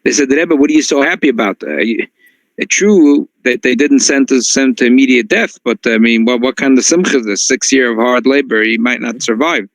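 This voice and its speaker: Male rabbi, mid pitch, animated storyteller with restarts and Yiddish phrases, dry close recording. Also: moderate pace, no room sound, poor audio. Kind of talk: storytelling class.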